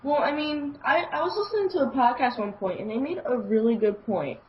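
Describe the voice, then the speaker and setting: A woman's voice: high-pitched, expressive, a little fast. Chatty woman on a lo-fi podcast. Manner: chatty, laughs often. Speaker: podcast co-host. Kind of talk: casual gaming podcast chat. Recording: dull lo-fi podcast audio with faint hiss.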